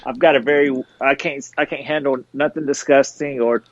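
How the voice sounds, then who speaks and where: A man's voice: mid-range voice, steady tone, brisk, slight background noise. A middle-aged man, a former tour manager, chatting casually on a podcast in a rambling, laid-back way. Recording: slightly dull lo-fi audio.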